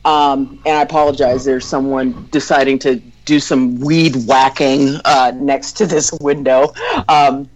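A woman co-hosting a podcast, talking slowly in casual discussion, hesitant with many ums and restarts. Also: a bass voice, flat delivery, a little mellow, muffled recording. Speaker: podcast co-host.

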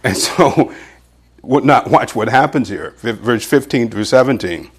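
Animated male preacher with a lively pitch. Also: breathy edge. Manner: animated, pitch jumps for emphasis, chuckles often; reads scripture aloud in an old-fashioned, measured cadence. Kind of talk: sermon.

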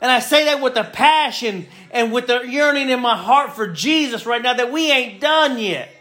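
A man's voice: very high-pitched, animated, normal speed, bright, forceful tone, faint music behind. A man preaching a sermon with fervor, repeating phrases and building in intensity. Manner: fervent, repetitive, builds in intensity.

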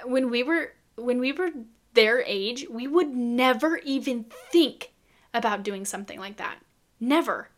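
A woman's voice: on the high side, unhurried. A young woman vlogging in a casual, chatty way, full of incredulous rhetorical questions. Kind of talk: casual chat to camera.

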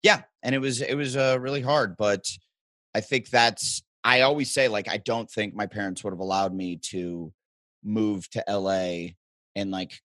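A man from the Midwest telling stories as a guest, animated and joking in casual chat. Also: lowish voice, no room sound. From American Midwest. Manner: animated storyteller, joking, quick asides.

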